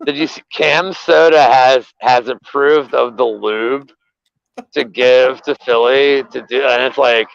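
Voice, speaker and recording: A man co-hosting a betting show, rambling in casual, profane sports chat with animated rants. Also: medium pitch, slow pace, vocal fry, dry recording. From Philadelphia area. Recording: dull, lo-fi, dry sound.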